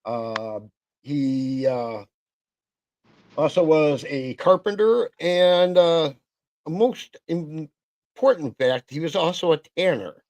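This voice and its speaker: A middle-aged man with a Wisconsin accent hosting a casual livestream, halting and full of fillers and self-corrections. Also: fairly high pitch, animated, darkish tone, dry recording. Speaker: host of a livestream.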